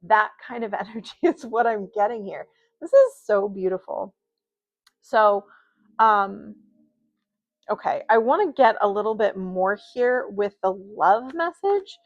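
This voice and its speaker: A woman's voice: mid-range voice, expressive, measured pace, muffled recording. A woman giving a casual spoken tarot reading, chatty and rambling, with many fillers and asides. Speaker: tarot reader.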